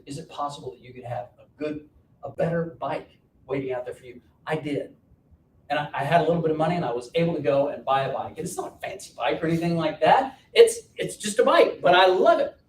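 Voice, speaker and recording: A man coaching an audience through a joking, self-mocking personal story, told with lively energy. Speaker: business coach and speaker. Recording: roomy and distant with faint rumble.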